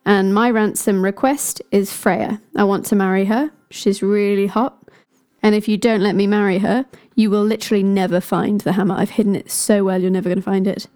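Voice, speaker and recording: Ogre lord, male, hideous and smug, taunting, voiced by a woman. Mellow, slightly raised pitch. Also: fairly even intonation, brisk, lightly acted. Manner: taunting, casual slang.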